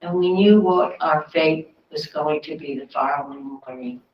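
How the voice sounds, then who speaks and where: A woman's voice: low-pitched, moderate pace. An elderly woman giving a personal testimony as a guest speaker, telling her story plainly and often in the present tense. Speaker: Holocaust survivor guest speaker. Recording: dull, roomy sound from a distant mic.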